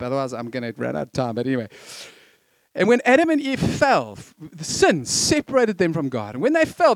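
A middle-aged man preaching a conversational sermon, with jokey asides and lively emphasis. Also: high voice, no room sound.

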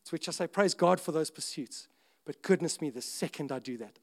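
Animated man preaching. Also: fairly high pitch, a little fast, creaky. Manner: earnest, conversational, with self-interrupting restarts and sudden rises in volume. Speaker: pastor. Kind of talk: sermon.

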